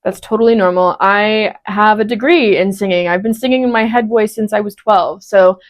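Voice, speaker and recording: Speaking at a moderate pace in a mid-range voice, this woman in her twenties runs an online singing lesson. She walks through it step by step, checking in often and offering encouragement.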